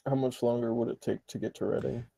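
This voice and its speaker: A man's voice: mid-range voice, steady tone, fast talker, gravelly, warm tone, slight background noise. A man playing in a tabletop game who talks in a laid-back, blunt way. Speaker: player. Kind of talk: casual tabletop play.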